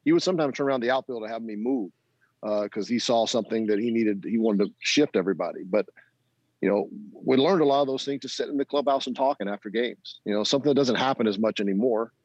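Speaking at a quick pace with medium pitch, a middle-aged man tells stories as an interview guest, drawing on his days as a ball player. He laughs often and acts out the voices he quotes, and the recording is dry and muffled.

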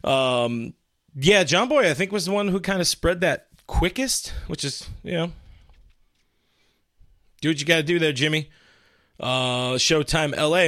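A man's voice: fairly high pitch, a little slow, long pauses, fairly bright tone, no echo, studio quality. Chatty man hosting a live stream. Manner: reads chat comments aloud, rambling with restarts. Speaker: livestream host. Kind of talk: casual live stream chat.

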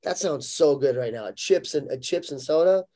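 A man's voice: fairly high pitch, moderate pace. A man chatting casually on a podcast, telling stories animatedly with lots of fillers. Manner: animated storyteller, acts out quotes, lots of fillers. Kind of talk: casual chat.

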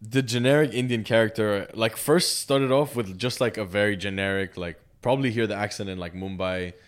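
A man's voice: on the low side, brisk. A young man from Lebanon chatting casually on a podcast, rambling with lots of fillers. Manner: rambling, lots of fillers, breaks into put-on accents.

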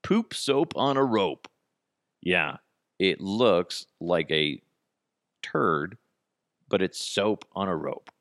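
A man's voice: sits low, expressive, takes it slowly, pauses often, fairly bright tone, no echo, clean studio sound. A man hosting a podcast, in a casual comic monologue full of swearing and jokey asides. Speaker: podcast host.

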